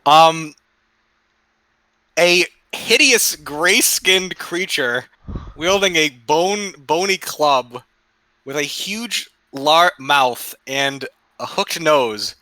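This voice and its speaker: A man running a tabletop game, his bright voice rising and falling as he narrates. He stumbles, restarts and curses under his breath at the menus. The sound is dry and close, with no room around it. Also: on the high side, animated, very slow, dry recording. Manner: swears and mutters while working the game menus. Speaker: game master.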